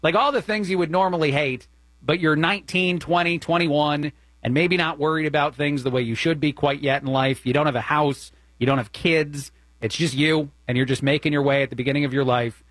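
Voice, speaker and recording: A man with a New Jersey accent hosting talk radio, his voice sitting a little high. He delivers opinionated commentary in a loose, chatty way, and the studio sound is close and dry. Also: fairly even intonation, brisk, fairly bright tone, no echo. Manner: opinionated, conversational, many fillers. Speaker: fill-in radio host.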